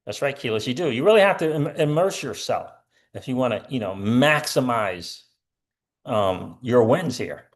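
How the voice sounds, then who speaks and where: A man's voice: mid-range voice, animated, normal speed. A middle-aged man hosting a casual crypto livestream, rambling with lots of fillers and answering viewer comments.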